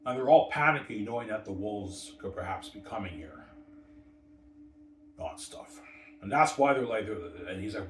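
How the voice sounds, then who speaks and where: An author rambles casually about a book he wrote, repeatedly tacking on "obviously" and "man" and acting out lines from his story. His voice is fairly low-pitched with lively intonation at normal speed. The room is echoey and noisy, with the mic far off.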